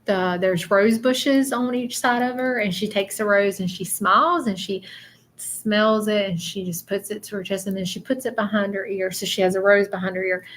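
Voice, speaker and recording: A woman hosting a casual live stream, talking softly and haltingly with many fillers as she gives readings to viewers. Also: mid-range voice, steady tone. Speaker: psychic medium livestreamer.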